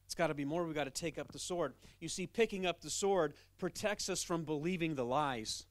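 A man who is a pastor, preaching a sermon in an animated, emphatic, conversational way. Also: on the high side, brisk, no echo.

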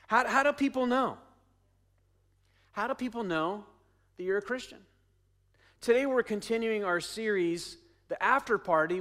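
With a high-sitting, fairly bright voice, this man preaches as a pastor. His sermon feels conversational as he repeats phrases and poses questions to the congregation.

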